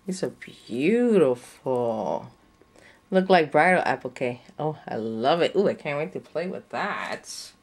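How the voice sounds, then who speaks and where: A woman with a lowish voice gushes over a craft kit, swinging from slow murmured coos to high delighted squeals. She drawls unhurriedly and sounds a touch sleepy. Faint noise and paper crinkling sit behind her. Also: animated, darkish tone. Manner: effusive, breathy gasps and squeals of delight. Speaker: craft vlogger. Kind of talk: unboxing a craft kit, gushing chat.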